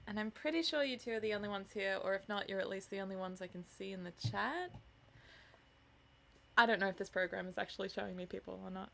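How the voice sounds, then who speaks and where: A woman's voice: medium pitch, fast talker, vocal fry, pushed and bright. A sleepy woman streamer chatting casually with her viewers in a rambling, self-mocking way before reading a novel aloud.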